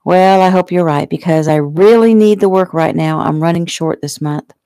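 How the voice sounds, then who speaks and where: A woman reading the part of a cheerful young Southern waitress in a storybook, bright and friendly. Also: lowish voice, normal speed, no room sound, studio quality, lightly acted.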